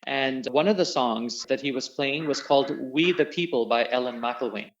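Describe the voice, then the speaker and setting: A man's voice: medium pitch, normal speed, dull audio. A middle-aged man, a tabla player and singer, telling stories as an interview guest and acting out the voices he quotes. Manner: animated storyteller who acts out quoted voices. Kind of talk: storytelling in an interview.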